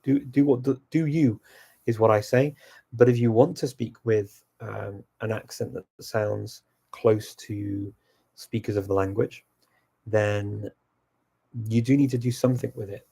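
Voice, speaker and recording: A man's voice: fairly low pitch, fairly even intonation, unhurried, gravelly, dark tone, breathy edge. A middle-aged man hosting a language-learning channel, casually answering viewer questions and thinking aloud as he goes.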